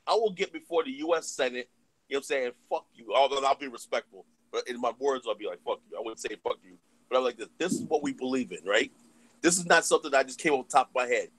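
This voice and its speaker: A man's voice: medium pitch, animated, quick pace, fairly bright tone, slightly rough, no echo. A man hosting a heated live discussion, talking fiercely and repeating "you know what I'm saying" over and over. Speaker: host.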